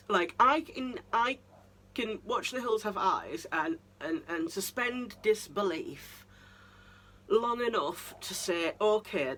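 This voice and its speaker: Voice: medium pitch, a bit bright. Incredulous ranting TV-review vlogger. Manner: incredulous, ranting, many restarts. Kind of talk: casual review monologue.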